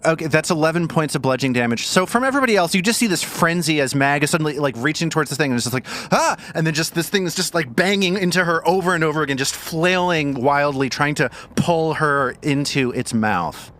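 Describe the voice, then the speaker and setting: Speaking quickly with few pauses, a man with a fairly high, somewhat bright voice acts as game master for a tabletop game. He narrates playfully, painting scenes vividly and laughing a lot.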